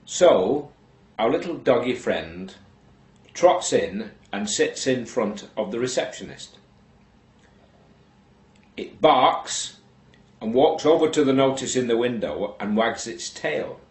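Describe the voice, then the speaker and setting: A man slowly telling a shaggy-dog joke, unhurried and deadpan with long pauses. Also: medium pitch, reverberant. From England. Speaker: joke teller.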